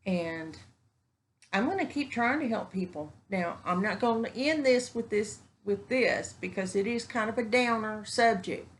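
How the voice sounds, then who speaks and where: A woman's voice: mid-range voice, expressive, a little slow, slight background noise. A woman talking casually and earnestly to her camera, rambling and folksy, repeating things for emphasis. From Texas. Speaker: vlogger. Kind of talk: casual heartfelt talk to camera. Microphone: camera mic.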